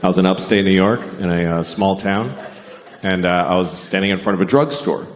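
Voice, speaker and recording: A man's voice: sits low, brisk, a little hiss or hum. A man doing a stand-up set, profane and mock-bitter, acting out the people in his stories. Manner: profane, mock-bitter, acts out quoted voices. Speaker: stand-up comedian. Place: comedy venue with audience. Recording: roomy live stage recording with crowd. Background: audience laughter.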